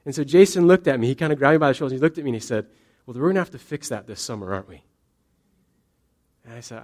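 A man preaching in church as a pastor, building up his points through repeated emphatic phrases. His voice sits a little higher than most men's. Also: racing, darkish tone. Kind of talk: sermon.

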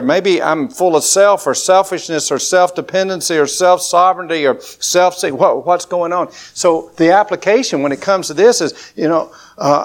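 Gravelly Southern preacher man. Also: a little high. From southern Alabama. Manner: conversational preaching with folksy asides and rising emphasis. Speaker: pastor. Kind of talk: sermon.

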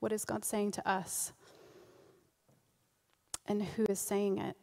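A woman preaches in an earnest, informal way, circling back over her phrases as she speaks. Her voice has a gravelly fry and stays fairly flat in pitch. It rings out with the long reverb of a church hall. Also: takes it slowly. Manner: earnest, repeats and restarts phrases. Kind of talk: informal sermon.

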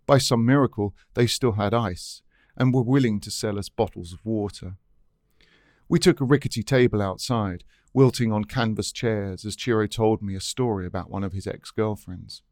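A man's voice: on the low side, moderate pace, darkish tone, dry recording. A man reading his own essay aloud in a dry, wry, scripted narration.

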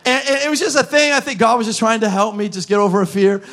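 A man pastor, telling funny stories in a sermon to his congregation, animated and self-mocking, breaking into shouts as he acts out scenes. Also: high voice, fast talker. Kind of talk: humorous sermon storytelling. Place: church auditorium with live congregation.

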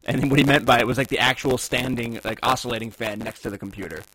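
A man's voice: medium pitch, fast, a bit bright, husky, no room sound, rough recording. A man co-hosting a podcast, chatting casually and laid-back about phones and gadgets. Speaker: podcast co-host. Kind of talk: casual tech chat.

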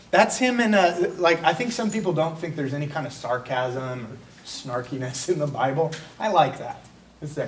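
A pastor preaching a conversational sermon, breaking into quick acted asides. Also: male voice, a little high, recorded from a distance, slight background noise.

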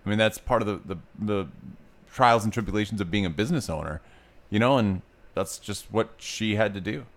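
A man's voice: fairly low pitch, fairly quick. A man co-hosting a casual movie-review podcast, blunt and outspoken, cursing freely as he gives his opinions. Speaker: podcast co-host.

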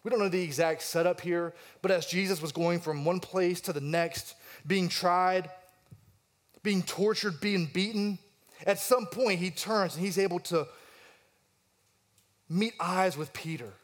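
A high-voiced man delivers a sermon, working through a passage verse by verse. He acts out the quoted lines with rising intensity and pauses to ask his listeners questions. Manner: asks the congregation questions. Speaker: pastor.

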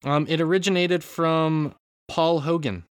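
A man's voice: a little high, steady tone, unhurried, clean tone, dry recording, clean studio sound. A man co-hosting a podcast in casual chat, talking at length and often apologising. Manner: apologetic, chatty, explaining at length. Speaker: podcast host. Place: home room in a city with street protests outside. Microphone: remote call, mutes mic.

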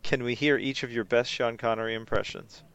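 A man's voice: medium pitch, a little fast, clear, resonant tone, dull audio. An American man hosting a gaming podcast, chatting casually and reading listener emails aloud. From United States. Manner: lively, reads questions aloud. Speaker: podcast host.

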